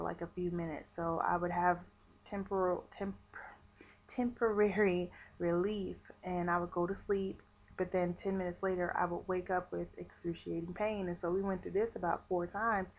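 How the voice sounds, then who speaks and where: A woman vlogger telling a personal story to camera in a chatty way, with many fillers. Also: fairly low pitch. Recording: dull lo-fi webcam audio.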